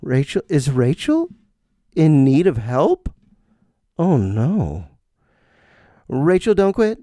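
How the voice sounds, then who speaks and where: A man's voice: fairly high pitch, huge pitch swings, slow, dark tone, no echo, studio quality. A middle-aged man hosting a podcast in a rambling, self-deprecating comedic monologue. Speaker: podcast host.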